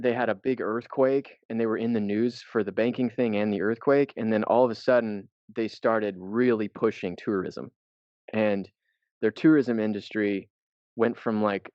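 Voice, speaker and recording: A man's voice: lowish voice, clear, resonant tone, no echo. A man co-hosting a podcast. He tells a travel story in a loose, rambling way and swears casually. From United States. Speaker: podcast co-host. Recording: dull, dry lo-fi podcast audio.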